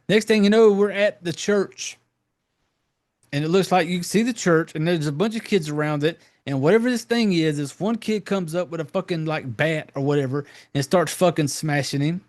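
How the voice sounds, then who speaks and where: A man talks through a horror film's plot in a loose, meandering way, dropping curses and filler words as he goes. His voice sits a little high for a man. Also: darkish tone. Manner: rambling, profane, loose storytelling with fillers. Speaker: podcast host. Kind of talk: casual movie recap.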